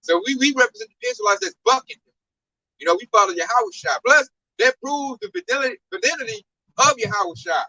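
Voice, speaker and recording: A man's voice: extremely high pitch, huge pitch swings, fairly quick, vocal fry, sharp tone, no echo. A man preaching an informal sermon with fervor, studding his talk with "you know" and "man," recorded from a distance. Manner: fervent, heavy use of "you know" and "man". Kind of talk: informal sermon teaching scripture.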